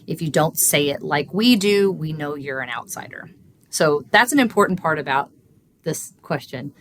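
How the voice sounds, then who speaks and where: A woman researcher explaining language in an interview, measured and teacherly, with frequent fillers. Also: deep voice, animated, a little hiss or hum. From Kentucky. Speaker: linguistics researcher guest.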